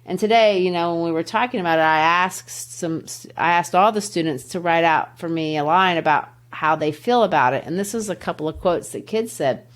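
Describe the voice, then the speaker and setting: A middle-aged woman, a literature teacher who hosts a podcast, explains a poem in conversation in an emphatic, teacherly way, slowing down and speeding up to stress her points. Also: on the low side. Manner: teacherly, emphatic, shifts pace to stress words.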